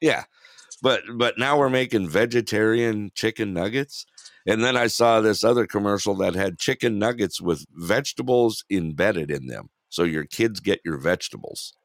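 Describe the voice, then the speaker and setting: A man's voice: lowish voice, moderate pace, no echo, studio quality. A man hosting a casual radio show, chatty and laughing often, with plenty of fillers.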